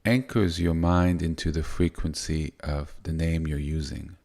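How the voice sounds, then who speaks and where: A man giving soft-spoken, unhurried spiritual teaching, often restarting his sentences. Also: very deep voice, steady tone, gravelly.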